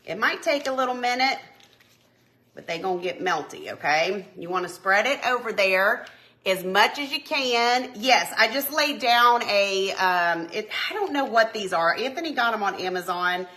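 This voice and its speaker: A woman's voice: mid-range voice, lively intonation, normal speed, pushed and bright. A young woman, chatting bubbly and friendly with viewers while cooking live in her home kitchen. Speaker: home cooking livestream host. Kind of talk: casual live cooking chat.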